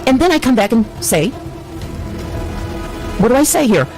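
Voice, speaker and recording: A woman's voice: a little high, very animated, moderate pace, a little mellow, faint music behind, low-quality recording. A woman reading her own chat messages aloud, in a rambling way that keeps correcting itself. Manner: meandering, self-correcting.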